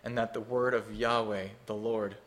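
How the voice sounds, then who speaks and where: A man's voice: fairly low pitch, little pitch movement, moderate pace, a bit bright, lightly acted. A man voicing a grieving, bitter widowed mother in a sermon retelling, his delivery pleading and accusing.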